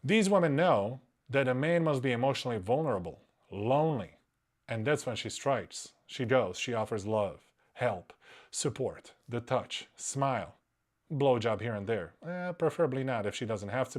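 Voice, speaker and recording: A dating coach talking bluntly and crudely on a live stream while reading a story aloud. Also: male voice, mid-range voice, animated, normal speed. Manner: blunt, crude and mocking asides.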